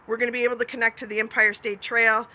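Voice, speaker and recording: A woman's voice: fairly high pitch, level tone, fast, pushed and bright. A woman transportation commissioner giving upbeat prepared remarks at a press event. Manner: upbeat, laughs between remarks.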